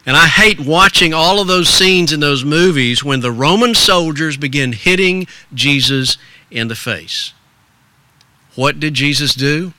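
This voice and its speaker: An older man, a pastor, preaching an earnest sermon in a storytelling way. He drops to soft hushes, then rises with stirring emphasis. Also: a little high, unhurried, no echo.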